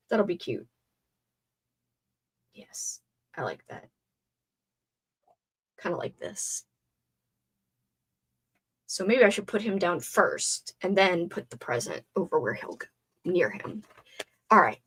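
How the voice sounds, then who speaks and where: Woman, young adult, livestream host, casual crafting chat, talks to herself, animated pitch. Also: measured pace, long pauses, breathy edge. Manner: chatty, talks to herself, mildly swearing.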